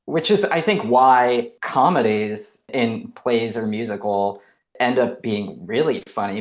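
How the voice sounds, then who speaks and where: A man, a guest actor chatting in a casual podcast interview, full of "like" and quick laughs. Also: lowish voice.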